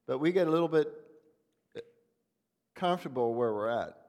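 A man's voice: fairly high pitch, expressive, moderate pace, darkish tone, in a large hall. A man preaching a conversational sermon, asking the congregation many rhetorical questions. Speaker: pastor. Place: church.

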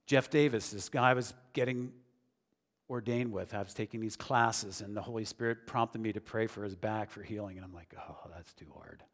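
A man's voice: on the low side, fairly even intonation, moderate pace. A man preaching a sermon in an earnest, conversational way that builds to emphatic declarations. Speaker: pastor. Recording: long reverb of a large hall.

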